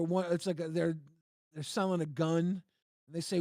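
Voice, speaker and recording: A man's voice: a little high, normal speed, vocal fry, no room sound, clean studio sound. A man being interviewed on a live online show who tells his stories in a loose, rambling way full of fillers. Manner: rambling, relaxed storyteller with many fillers. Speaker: interview guest. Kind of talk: casual live-stream interview.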